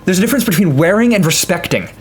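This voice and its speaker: A young man vents to his audience in a loose, rambling rant. His voice sits a little high, and he stumbles through fillers and restarts, breaking off into short laughing asides. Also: lively intonation, racing, breathy edge. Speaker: gaming video creator. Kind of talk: casual rant to camera.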